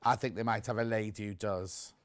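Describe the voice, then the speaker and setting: A man presenting on a live TV shopping show, chatty and excitable, jumping between asides. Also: fairly low pitch, fairly quick, clear, resonant tone. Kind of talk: live TV sales chat. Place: TV studio.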